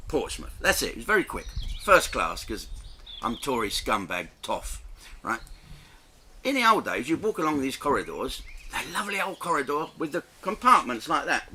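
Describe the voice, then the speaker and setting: A middle-aged man from the south of England spins a crude, self-mocking yarn, his pitch leaping up and down as he goes. His tone is very bright and cutting. A faint hum of ambience sits behind him. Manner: crude, animated, self-mocking, laughs between lines. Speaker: comedian telling a story. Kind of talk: storytelling anecdote.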